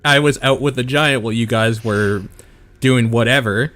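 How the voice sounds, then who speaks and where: A man's voice: medium pitch, moderate pace, a bit bright. A man playing a tabletop game, chatting casually and laughing often. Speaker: player.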